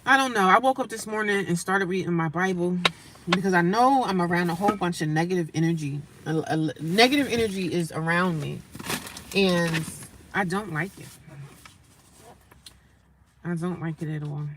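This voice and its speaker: A woman livestreaming casual talk from her daily life, animated and emphatic, repeating her points and breaking off to greet passersby. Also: lowish voice, moderate pace, noisy background. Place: homeless shelter area.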